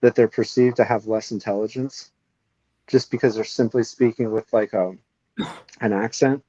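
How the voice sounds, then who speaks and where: A man's voice: fairly low pitch, steady tone, moderate pace, mellow, no room sound, dull audio. A man co-hosting a podcast, ranting casually with heavy swearing and strong opinions. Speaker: podcast co-host.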